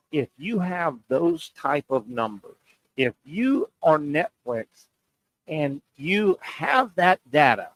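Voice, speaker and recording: A man's voice: on the high side, no echo, low-quality recording. A man hosting a sports talk show, making his point with rhetorical questions and repeating key lines for emphasis. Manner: pauses and stretches words for emphasis.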